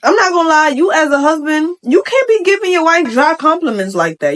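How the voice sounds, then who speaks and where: A woman's voice: sits high, lively intonation, fairly bright tone. Chatty, slangy young woman vlogger. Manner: chatty, slangy, frank opinions with quick asides. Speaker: vlogger reacting to a Reddit post. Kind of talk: casual commentary.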